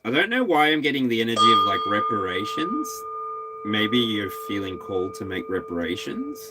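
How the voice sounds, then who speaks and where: A man's voice: on the low side, wildly swooping pitch, normal speed, heavy background noise. An Australian man giving an intuitive tarot reading, talking straight to each star sign in a musing, tentative way. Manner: musing, tentative, talks to signs directly. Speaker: tarot reader.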